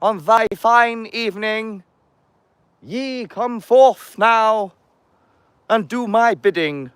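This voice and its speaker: A pompous old-fashioned spirit summoner, put on by a man, calling out in a lofty, strained voice well above his own. He stretches every word into slow, solemn declaiming, grandly theatrical, outdoors in open air. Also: high voice, a bit bright, clean tone, no room sound, voice pushed up. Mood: theatrical summoning. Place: outdoors by a castle in woodland.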